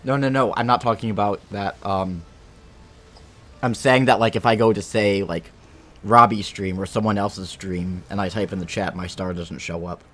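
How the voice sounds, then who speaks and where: A man streaming a game and chatting casually with his viewers, relaxed and musing aloud, sometimes talking while he eats. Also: on the low side, moderate pace.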